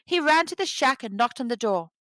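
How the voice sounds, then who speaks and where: A woman reading a children's picture book aloud, with expressive storytelling. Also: high voice, fairly quick, no echo. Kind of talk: children's read-aloud narration.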